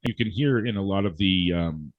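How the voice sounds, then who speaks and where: Male guest, low-pitched, blunt and cursing, lectures his listeners; muffled, dry recording. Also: moderate pace, dry recording. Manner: profane, emphatic, lecturing. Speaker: guest speaker. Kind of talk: blunt ranting conversation. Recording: dull, dry lo-fi audio.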